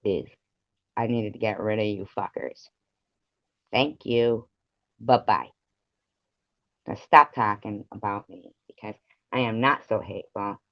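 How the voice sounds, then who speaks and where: A man's voice: fairly low pitch, measured pace, vocal fry, long pauses, no echo. A man live streaming, ranting at his viewers in a profane, rambling and confrontational way. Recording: dull lo-fi live stream audio.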